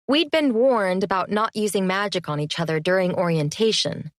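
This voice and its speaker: A woman narrating a first-person fantasy audiobook in an even, measured storytelling manner. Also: medium pitch, no room sound, studio quality.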